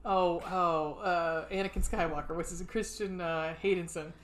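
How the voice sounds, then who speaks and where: A woman's voice: lowish voice, fairly even intonation, moderate pace. A woman co-hosting a podcast, chatting casually and retelling a movie plot with lots of swearing and fillers. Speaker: podcast co-host. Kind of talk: casual chat.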